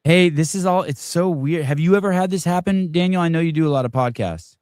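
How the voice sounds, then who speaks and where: A man's voice: on the high side, fairly quick, darkish tone, clean tone, no room sound, studio quality. A man hosting a live stream, chatting casually in a rambling, joking way with frequent swearing. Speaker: podcast host.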